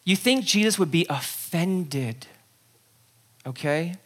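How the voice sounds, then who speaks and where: Animated preacher retelling a story. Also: mid-range voice, slow, husky. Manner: animated storyteller, acts out scenes; conversational, frequent "okay?" asides. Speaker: pastor. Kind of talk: sermon.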